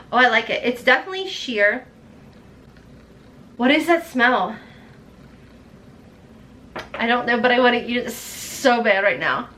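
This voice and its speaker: A woman, gushing through an unboxing vlog, chatty, excitable and overtired. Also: on the high side, normal speed, long pauses, a little hiss or hum. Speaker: beauty vlogger.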